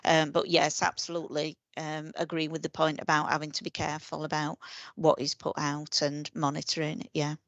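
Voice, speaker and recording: A woman speaking in a council meeting, measured and agreeable, heard a bit away from the mic. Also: low-pitched, monotone, dry recording. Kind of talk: meeting discussion.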